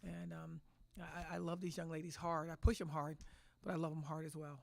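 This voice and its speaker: A woman's voice: low-pitched, little pitch movement, normal speed, creaky, a little mellow, no room sound. A middle-aged woman head coach answering press conference questions with emphatic, restarting speech. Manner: emotional, repetitive restarts, emphatic.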